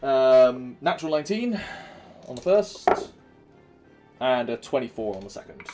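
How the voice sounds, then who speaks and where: Playing dungeon master in a tabletop game, a Welsh man with a Welsh accent narrates, counts dice aloud and hums filler sounds. His medium-pitched voice is very animated at normal speed. Music plays underneath.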